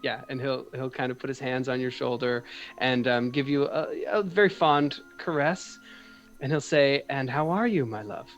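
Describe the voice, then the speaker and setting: Brief: man running a tabletop game, halting and descriptive. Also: mid-range voice, steady tone, soft background music. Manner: hesitant, with many fillers. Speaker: game master.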